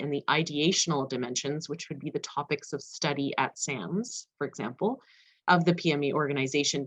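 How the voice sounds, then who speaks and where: A woman panelist giving an academic research presentation, talking fast with frequent fillers. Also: deep voice. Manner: fast-paced, self-aware of speed, frequent fillers. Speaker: conference panelist.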